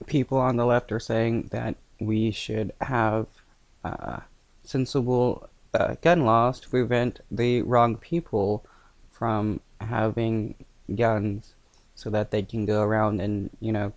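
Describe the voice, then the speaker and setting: A man reacting to a news clip in casual commentary, scoffing and talking haltingly with many fillers and restarts. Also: medium pitch, a little mellow, no echo.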